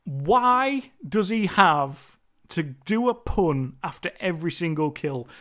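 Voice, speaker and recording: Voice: medium pitch, expressive, slow, a bit bright. A movie reviewer talking through a film in a rambling, chatty monologue, swearing casually now and then.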